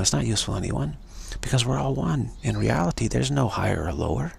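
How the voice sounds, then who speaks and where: A man's voice: mid-range voice, very animated, fast talker, vocal fry, few pauses, slight background noise. A man giving an unscripted spiritual talk as its teacher, repeating phrases over and over. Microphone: livestream mic.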